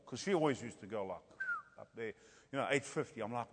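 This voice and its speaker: A man's voice: medium pitch, brisk, slight background noise. Playful man, echoey hall. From South Africa. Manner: playful, acts out dialogue, rhetorical "Hello?" asides. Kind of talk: humorous storytelling sermon. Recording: long hall reverb.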